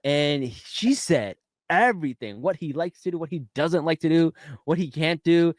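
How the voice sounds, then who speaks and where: Dude recapping a dating show, bouncy pitch, laughs a lot, dry close sound. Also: male voice, moderate pace, dry recording. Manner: animated, laughs often mid-sentence. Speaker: podcast co-host. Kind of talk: casual pop-culture recap chat.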